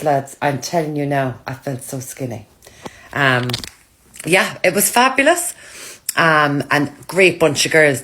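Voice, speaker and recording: A woman chatting casually to her followers, telling self-mocking stories. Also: deep voice. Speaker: social media creator.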